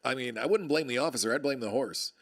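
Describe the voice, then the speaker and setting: A man's voice: mid-range voice, quick pace. A man hosting a card break livestream, chatting casually and joking with viewers in a rambling way. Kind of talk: casual chat.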